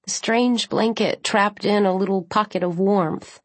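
A woman narrator reads a first-person story with measured, steady pacing. Her voice sits in a mid range and is recorded dry and close, with no room sound. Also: mid-range voice, no echo. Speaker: audiobook narrator.

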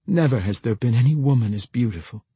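A man's voice: medium pitch, lively intonation, fast talker, warm tone, husky, no room sound. A man doing a pushy young lord. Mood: insistent. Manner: insistent, ardent.

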